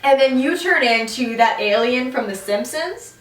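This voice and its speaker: Young female podcast co-host, lively storyteller, a bit high, recorded distant and roomy. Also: moderate pace. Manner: animated storytelling, swears, laughs often. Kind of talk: casual chat. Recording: echoey room, voice off-mic.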